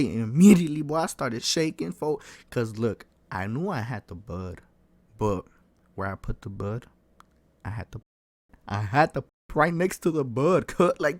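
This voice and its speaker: A young man telling a story in a loose, slang-heavy, animated way, swearing freely and calling listeners folk and bro. His voice sits at an average pitch and sounds dry and close, with no room around it. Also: a little slow, no room sound. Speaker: vlogger. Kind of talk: casual storytime.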